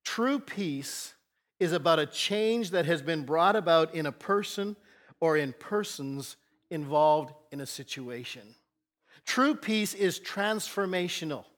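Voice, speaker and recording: Male pastor, higher voice, earnest storytelling sermon, drops soft then rises for emphasis. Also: lively intonation, slow pace.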